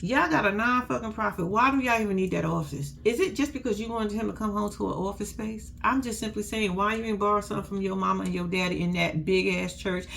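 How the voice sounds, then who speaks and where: Woman, sassy blunt recap talk, AAVE speech, big swings in pitch, faint hiss behind. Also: quick pace, gravelly, hardly any pauses, a bit bright. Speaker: reality TV recap vlogger. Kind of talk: casual profane recap commentary.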